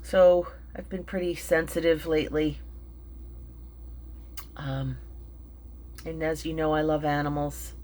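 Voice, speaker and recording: A middle-aged woman telling an emotional personal story, halting, with many fillers and restarts, and sounding tearful and shaken. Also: low voice, little pitch movement, a little mellow. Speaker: vlogger and mindfulness teacher.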